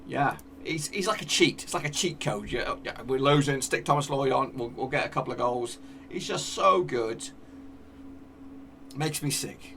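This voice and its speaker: A man giving excitable live commentary over a football management game, cheering at goals and talking to his players. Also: mid-range voice, normal speed, gravelly, far from the mic, slight background noise. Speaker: gaming YouTuber.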